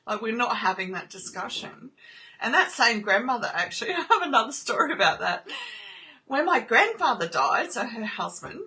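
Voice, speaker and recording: A woman's voice: sits high, lively intonation, moderate pace, pushed and bright. A woman speaking earnestly about trauma recovery, often checking in with "okay?" and growing emotional during personal stories. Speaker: trauma recovery video host. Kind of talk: personal talk to camera.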